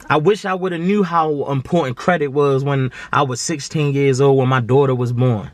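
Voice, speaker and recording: A man's voice: fairly high pitch, dry recording. A man, talking earnestly to camera in a slangy, repetitive way. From Baltimore. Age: 20s. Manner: earnest, preachy, slangy, repeats himself. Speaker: vlogger. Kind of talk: casual heartfelt monologue to camera.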